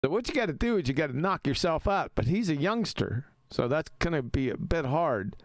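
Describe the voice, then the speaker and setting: Emphatic man hosting a lively stream. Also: fairly high pitch, no room sound. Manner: emphatic, argumentative, quick to laugh. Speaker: live-stream host. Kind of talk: casual live-stream chat.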